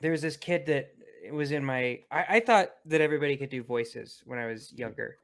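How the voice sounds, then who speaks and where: A man's voice: mid-range voice, a little fast, creaky, a bit bright. Self-mocking storytelling podcast man. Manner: self-mocking, swears freely. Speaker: podcast co-host. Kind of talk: casual storytelling.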